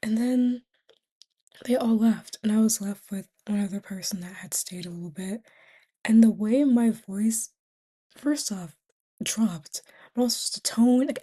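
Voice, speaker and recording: A woman's voice: a little high, mellow, slightly rough. A tired young woman vlogging in a casual, rambling way, often dropping to a whisper between fillers. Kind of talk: casual confessional chat.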